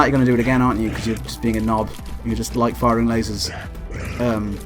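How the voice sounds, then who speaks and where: A young man giving let's play commentary, excitable, swearing and yelping at the game when frustrated. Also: mid-range voice, fairly quick, faint music behind. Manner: swears and laughs often. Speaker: gameplay commentator.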